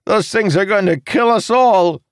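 A man voicing a cowardly young male mage who screams in shrill panic. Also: very animated, moderate pace, no echo, studio quality. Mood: panicked.

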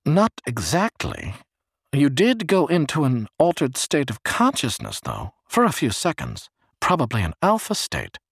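A man reading a story, voicing a pedantic, sly man in a high, slow, smooth voice with long-winded clinical phrasing. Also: huge pitch swings, dry recording, clean studio sound, full character voice.

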